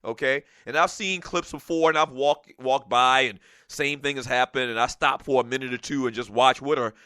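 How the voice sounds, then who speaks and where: A man hosting a call-in sports talk show, talking in an animated, casual way, laughing often and dropping "man" into his sentences. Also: mid-range voice, normal speed, clear, resonant tone, dry recording, studio quality.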